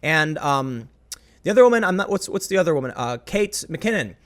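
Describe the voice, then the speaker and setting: A man's voice: fairly high pitch, sing-song, a little fast. A man delivering a rambling, opinionated commentary monologue as host, often stopping and restarting his sentences. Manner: rambling, self-interrupting, emphatic.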